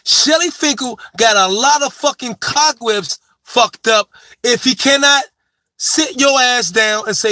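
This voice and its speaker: High-pitched man lecturing, slow and cursing. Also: bright, forceful tone, dry recording. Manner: profane, emphatic, lecturing; repeats his main point with heavy stress. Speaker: sports commentator. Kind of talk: opinion monologue on boxing.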